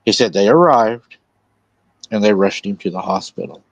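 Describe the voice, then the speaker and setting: A man hosting a live stream in a relaxed way, retelling a witness's account and quoting his words. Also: lowish voice, normal speed, dry recording, low-quality recording. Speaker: host.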